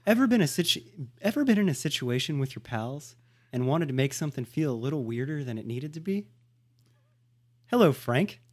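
A man playing an overeager infomercial announcer, pitching with a salesy, upbeat delivery. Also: very animated, a little fast.

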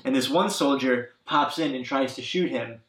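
A man's voice: mid-range voice, normal speed, fairly bright tone. A man in casual podcast chat, rambling with lots of fillers as he recaps a video game plot. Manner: rambling, many fillers, acts out characters' lines. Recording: echoey room.

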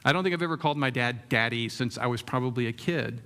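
A man's voice: mid-range voice, fast, sharp tone. A man preaching a sermon in a conversational way, often asking the room questions and using many fillers. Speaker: pastor.

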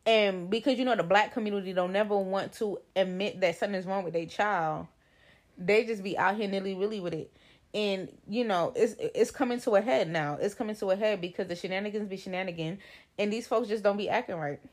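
A woman co-hosting a podcast in casual chat, blunt and animated, swearing freely. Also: mid-range voice, fairly quick. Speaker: podcast co-host.

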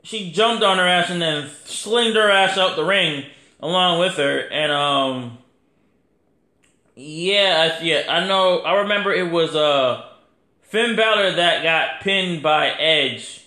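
Man, podcast host, casual rambling monologue, swears a lot, slightly high voice, roomy echo. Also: takes it slowly. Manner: animated, profane, rambling, acts out quotes. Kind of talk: casual wrestling review monologue. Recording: echoey room.

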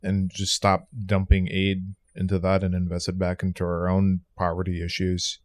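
A man's voice: sits low, completely flat delivery, normal speed, no echo. A man in a casual podcast chat, matter-of-fact and playing the skeptic.

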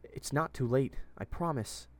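A man's voice: a little slow, no room sound, close to an everyday voice. A man voicing a stern, urgent young warrior. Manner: urgent, then low and intimidating. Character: stern young man, protective then menacing.

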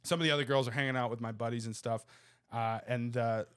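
A man's voice: mid-range voice, fairly even intonation, fairly bright tone, clear, resonant tone. Comedian guest, 30s, male, swears constantly, races through the anecdote. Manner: rapid, profane, laughing anecdotes. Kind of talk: casual storytelling.

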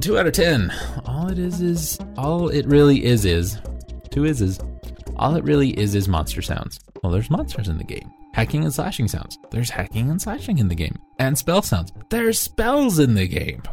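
A man with a fairly low voice that swings widely in pitch, doing a mocking dramatic reading. He reads out every comma and ellipsis, then drops into dry, sarcastic commentary. Faint music plays underneath. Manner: reads out punctuation aloud, deadpan asides, sarcastic. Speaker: comedic reader of an old online game review.

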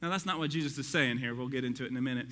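A man teaching a Bible study to people in the room, in an excitable, conversational way that speaks straight to his listeners. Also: medium pitch, rapid-fire, big-room sound.

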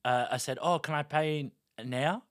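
An Australian man on a podcast, animatedly telling a long story and acting out the lines of the people in it, sometimes dropping to a hushed aside. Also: fairly high pitch, unhurried, dry recording, studio quality. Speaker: podcast co-host. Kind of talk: casual storytelling chat.

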